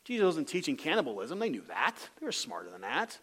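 High-voiced preacher, loud then hushed. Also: male voice, huge pitch swings, quick pace, slightly rough. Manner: swings from loud emphatic calls to soft low asides. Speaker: pastor. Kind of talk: sermon.

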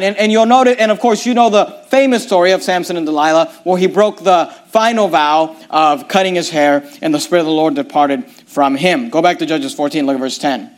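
A man with a high-pitched voice preaches a sermon. He talks emphatically, reads scripture verses aloud and pushes his listeners with rhetorical questions. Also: fairly quick, hardly any pauses.

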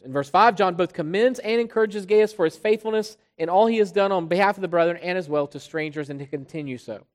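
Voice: mid-range voice, fast talker, few pauses. Emphatic preacher in a reverberant hall. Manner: emphatic, swinging between loud stresses and quiet drops; repeats and restarts phrases while building points. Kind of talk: expository sermon.

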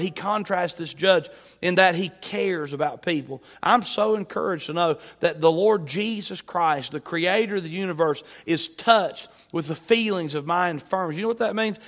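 A man preaching a sermon, asking his listeners questions and repeating refrains, moving from emphatic shouts to soft, quiet passages. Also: high voice, long reverb tail.

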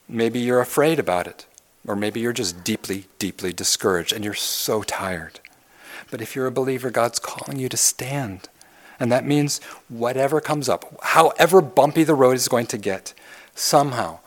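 Man preaching with loud and hushed swings. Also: mid-range voice. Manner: dynamic preaching, swinging from loud emphatic calls to hushed near-whispers. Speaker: pastor. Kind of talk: sermon.

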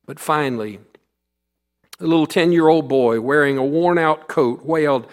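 A man's voice: a little high, moderate pace. A male pastor delivering a sermon, telling a story in an earnest way.

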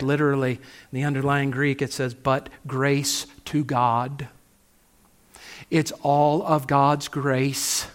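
Man, pastor, sermon, slightly high-pitched, emphatic, rhetorical questions, slows on key phrases.

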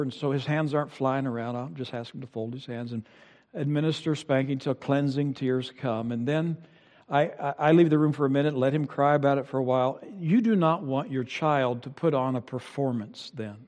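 A man's voice: mid-range voice, a little fast, darkish tone. A middle-aged male pastor preaching an earnest sermon and often restarting his sentences. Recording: long hall reverb.

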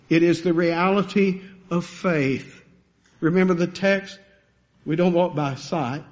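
A man preaching a sermon, animated and rising to emphatic peaks as he builds his points. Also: high-pitched, highs cut off. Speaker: pastor.

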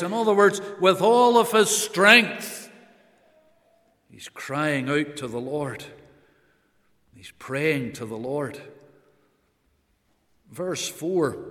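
Male preacher, deliberate sermon delivery, reverberant church hall sound. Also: a little high. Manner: slow, earnest preaching with swells of emphasis.

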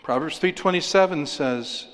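A man preaching a sermon, rising for key points and dropping low and quiet for stress. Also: moderate pace, big-room sound. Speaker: pastor.

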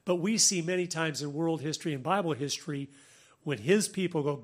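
A man hosting a Christian talk show, speaking earnestly, laughing often and quoting people in lively voices. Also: on the high side, fairly quick. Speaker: Christian podcast host. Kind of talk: religious commentary, conversational.

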